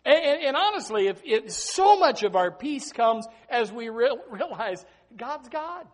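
A man preaching a sermon as pastor, animated and folksy, breaking into snatches of hymns. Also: very high voice, measured pace.

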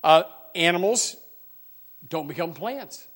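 Slow and expressive, this slightly high-pitched male pastor delivers a joking, homespun sermon in church, pausing frequently. Fillers and restarts are everywhere as he moves from hushed side remarks to booming emphasis.

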